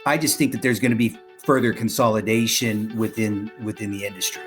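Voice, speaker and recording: A middle-aged man talks as a guest in a casual interview, measured and gracious. He speaks at an easy conversational pace and laughs often. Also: lowish voice, steady tone, over music. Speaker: guest, real estate company president.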